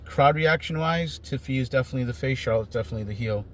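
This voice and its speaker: A man's voice: mid-range voice, fast, slight background noise. Man rambling through a casual recap. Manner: rambling, enthusiastic fan. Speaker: wrestling commentator.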